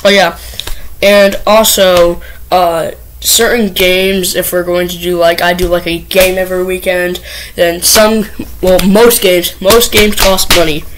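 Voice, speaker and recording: A woman's voice: lowish voice, fairly even intonation, a little slow, a little hiss or hum, poor audio. A woman vlogging to camera, nervous and rambling, with lots of filler words and restarts. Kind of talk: casual first vlog to camera.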